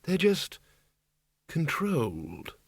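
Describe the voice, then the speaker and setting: A man voicing a mild-mannered undead old man who reasons calmly through problems. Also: a little high, drawn-out words, vocal fry, husky, no room sound, voice pushed up, heavily acted. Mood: reasoning.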